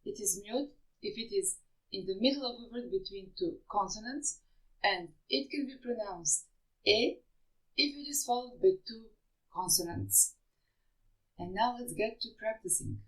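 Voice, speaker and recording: A woman's voice: medium pitch, animated, moderate pace, poor audio. A woman teaching pronunciation, spelling out rules and carefully over-articulating example words. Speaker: French teacher. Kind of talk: slow, deliberate pronunciation lesson.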